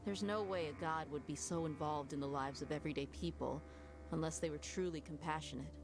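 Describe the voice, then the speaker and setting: An actress voicing a steady, serious female guardian in a video game, speaking calmly. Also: sits low, a little fast. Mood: earnest. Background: game soundtrack music.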